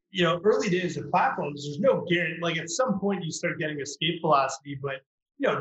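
A man, a startup founder, telling a story on a podcast with lively acted-out quotes. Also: on the high side. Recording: roomy, dull lo-fi sound.

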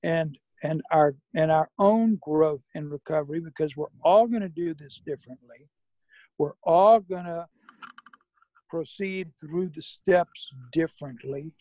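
A middle-aged man, a podcast guest, talking about recovery in a measured, folksy way. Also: on the high side, a little mellow, no room sound, lo-fi sound. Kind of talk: reflective recovery conversation.

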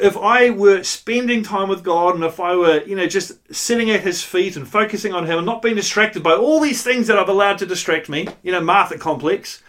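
Man, pastor, sermon, high-pitched, conversational, earnest. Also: a bit bright. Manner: conversational, earnest, self-deprecating storytelling with frequent "you know".

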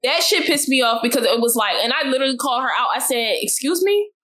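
A young woman from West Africa, telling a story in blunt, profane, animated casual chat as a podcast co-host. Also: fairly high pitch, fast talker.

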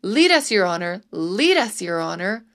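A woman voicing a rowdy crowd of prankster townsmen, shouting and taunting. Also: fairly high pitch, big pitch swings, moderate pace. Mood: urgent.

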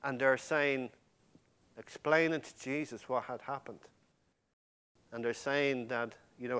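A man preaching a sermon with passion, swinging from loud emphasis to hushed, near-whispered lines and addressing the congregation directly. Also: mid-range voice, fairly even intonation, unhurried, long pauses, clean tone.

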